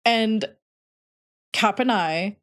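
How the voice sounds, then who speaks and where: With a mid-range, fairly bright voice and drawn-out words, a young adult woman streamer rambles through a story as she plays. She keeps it chatty and casual, using "like" as a frequent filler.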